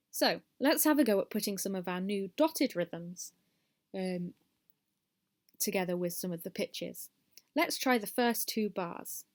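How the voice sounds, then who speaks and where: A woman's voice: medium pitch, a little mellow. A woman teaching a music lesson step by step, counting beats aloud and encouraging the class.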